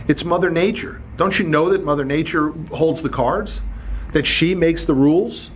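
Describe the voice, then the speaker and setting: A man's voice: fairly high pitch, slight background noise. A middle-aged man hosting a solo podcast, talking bluntly and with animation, swearing casually. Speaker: podcast host.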